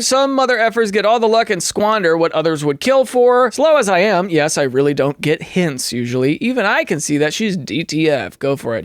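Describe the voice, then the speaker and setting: A man doing comedic commentary as a host, reading online posts aloud in a sarcastic, animated way. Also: no echo, clean studio sound. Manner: animated, sarcastic, jumps between high and low voices.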